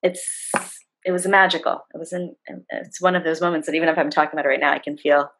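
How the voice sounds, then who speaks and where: A woman's voice: deep voice, quick pace, a little hiss or hum, poor audio. A middle-aged woman on a video call, telling a story from her work as a facilitator and acting out the quotes of the people in it. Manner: warm, animated retelling with acted-out quotes. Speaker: facilitator and guest. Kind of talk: storytelling in a conversation.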